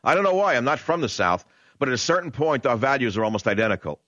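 A man's voice: medium pitch, lively intonation, fast talker, fairly bright tone, no room sound, highs cut off. A man with a New York accent hosting a talk radio show, brash and conversational, drawing out words for emphasis in a studio. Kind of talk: opinionated talk radio monologue. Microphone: studio condenser microphone.

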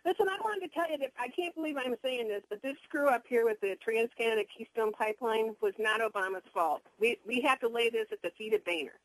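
A woman's voice: fairly high pitch, animated, fast, few pauses, dry recording, rough recording. A woman calling in to a talk radio show, earnestly arguing her political point. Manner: earnest, argumentative. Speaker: caller.

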